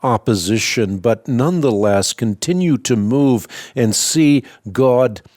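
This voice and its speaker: A middle-aged man hosting a radio call-in show, answering a caller with measured, earnest teaching. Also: medium pitch, lively intonation, darkish tone, no room sound, clean studio sound. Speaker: radio Bible answer host.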